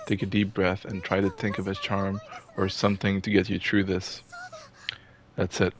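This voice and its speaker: A man's voice: low-pitched, completely flat delivery, moderate pace. A man reading frightened schoolgirl Mayu. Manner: reading game dialogue aloud. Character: anxious teenage schoolgirl, scared and alone.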